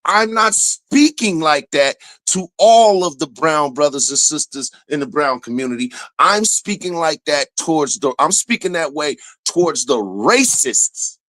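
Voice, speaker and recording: A man's voice: a little high, animated, measured pace, few pauses, fairly bright tone, no echo. Emphatic man on a podcast, dry sound. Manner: emphatic, preachy. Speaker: co-host. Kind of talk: casual podcast discussion.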